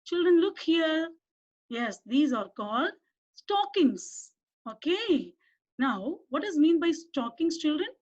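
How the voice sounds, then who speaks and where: This female primary English teacher, who has an Indian English accent, speaks slowly in a high, sing-song voice with a darkish tone. Teaching young children online, she coaxes them with questions and gets them to repeat words. It's a dull, lo-fi recording.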